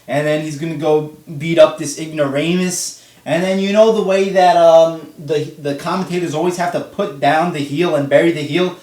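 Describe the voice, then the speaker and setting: A young man ranting through a casual, profane review of a wrestling show. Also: on the high side. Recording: roomy echo, distant from mic.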